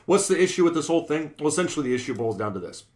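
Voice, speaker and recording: A man's voice: a little high, big pitch swings, rapid-fire, a little mellow. A man preaching in a conversational Bible class style, earnest, repeating his phrases and acting out quoted sayings.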